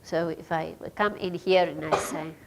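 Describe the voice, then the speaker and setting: A woman's voice: low-pitched, steady tone, measured pace, creaky, slight background noise. A woman with a Namibian English accent leading a radio training workshop, asking the group questions, with hesitant fillers.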